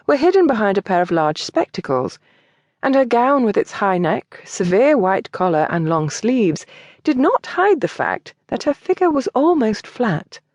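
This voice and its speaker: Expressive woman reading an audiobook. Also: mid-range voice, no room sound. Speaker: audiobook narrator. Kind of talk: scripted narration.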